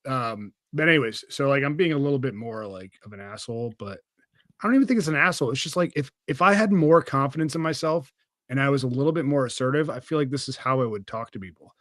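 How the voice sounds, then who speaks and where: A man's voice: medium pitch, lively intonation, fast talker, a bit bright, no room sound. A young man hosting a podcast, chatting casually, with a rambling, profane way of talking and lots of fillers. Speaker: podcast host. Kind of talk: casual chat.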